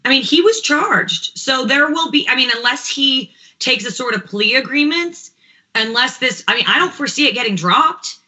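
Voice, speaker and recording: Assertive woman panelist, bright voice. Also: high voice, lively intonation, moderate pace, low-quality recording. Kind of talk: casual panel chat.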